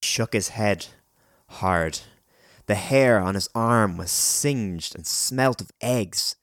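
Deep, slow male audiobook narrator. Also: fairly bright tone, dry recording, clean studio sound. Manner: measured, dramatic storytelling.

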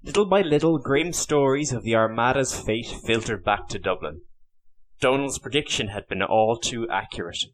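A man reading a historical novel aloud as an audiobook narrator, in a measured storytelling manner. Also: medium pitch, expressive. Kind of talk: scripted narration.

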